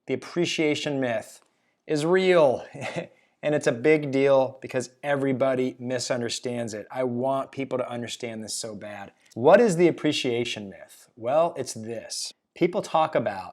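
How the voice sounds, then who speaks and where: An upbeat man host at a middle pitch talks straight to camera in a casual solo talk. His delivery is emphatic and jokey, and it often swells with excitement. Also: moderate pace. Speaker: blogger and video host.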